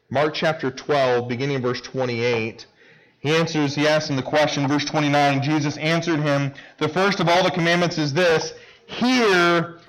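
Guy in his 30s preaching at camp, fairly high voice, jokey with the kids, gets loud and high on key words. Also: poor audio. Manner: lively, climbs in pitch and loudness when stressing a word; playful and joking with a young audience. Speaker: camp speaker.

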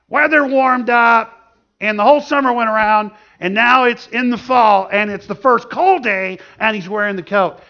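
A high-voiced male pastor tells a story during a church sermon, in an animated and lively manner. His tone is bright and gravelly, and the recording sounds dull and lo-fi.

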